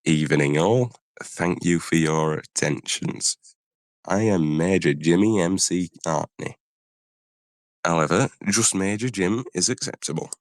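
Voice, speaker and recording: A man's voice: deep voice, a little slow, dry recording. A man voicing a jovial self-made male steam-engine army major with a Lancashire accent, short of breath. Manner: joking, friendly officer's address.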